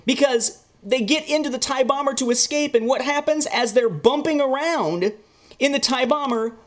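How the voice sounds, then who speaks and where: A man co-hosting a casual comic review chat, animated and quick to mock what he reads. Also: very high-pitched. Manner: animated, slips into goofy mocking voices. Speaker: podcast co-host reviewing comics.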